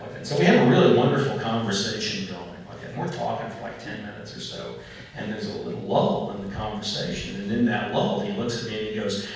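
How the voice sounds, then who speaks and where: A man's voice: on the low side, lively intonation, brisk. A man telling rambling, folksy anecdotes to an audience as a guest author, full of fillers and asides. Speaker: author speaking at an event. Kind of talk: storytelling talk and Q and A. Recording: roomy echo, voice far from mic.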